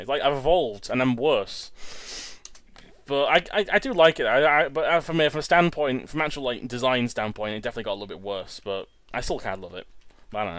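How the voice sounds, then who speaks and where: A man's voice: medium pitch, a bit bright. A man hosting a let's play, rambling through casual commentary with lots of stammered restarts and laughs.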